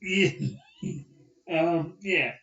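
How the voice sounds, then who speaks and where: A man's voice: high-pitched, very slow. A young man hosting a podcast, telling a rambling story in casual chat and acting out the people in it. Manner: rambling, animated, acts out quotes. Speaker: podcast host. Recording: roomy, distant, dull sound.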